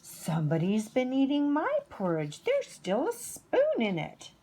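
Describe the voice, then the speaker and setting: A woman's voice: high voice, wildly swooping pitch, measured pace, warm tone, full character voice. A woman voicing a fussy, surprised mother bear who talks in raised exclamations.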